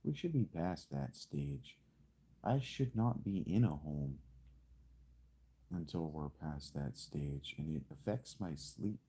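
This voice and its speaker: A man's voice: rumbling low, animated, takes it slowly, warm tone, husky. A man chatting casually while he streams a video game, rambling and swearing with bursts of laughter. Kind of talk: casual gameplay stream chat.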